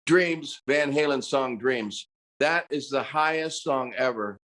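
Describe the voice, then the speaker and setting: An American man in his seventies, a musician talking casually in an interview, animated and breaking into bursts of singing and screaming. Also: medium pitch, slow. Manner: animated storyteller, bursts into sung screams and imitated voices. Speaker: musician guest.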